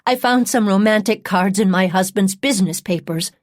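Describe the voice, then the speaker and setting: A woman's voice: mid-range voice, normal speed, no echo, studio quality, close to an everyday voice. A woman narrating an audiobook, voicing a distraught, tearful middle-aged wife who is sobbing into the phone. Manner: tearful, pleading.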